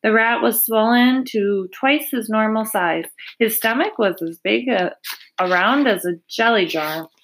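A woman reading a children's novel aloud in a steady, gentle storytelling manner. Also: a little high, a little slow. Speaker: reader.

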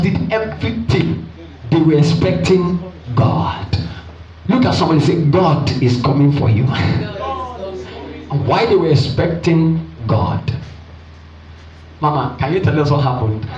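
A male pastor, preaching a storytelling sermon and acting out the voices of the people in his story. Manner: animated storyteller acting out voices, jumping high for excited women. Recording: roomy, distant and dull.

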